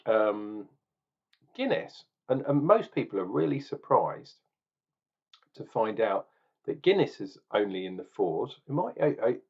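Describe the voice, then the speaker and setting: A man's voice: mid-range voice, husky, dull audio. A man chatting casually while tasting and reviewing a beer, thinking aloud with ums and restarts.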